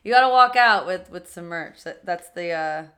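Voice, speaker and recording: A young American woman co-hosting a casual podcast, chatty and quick to laugh, often restarting her sentences. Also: lowish voice, lively intonation, fairly bright tone. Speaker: podcast co-host. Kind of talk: casual chat.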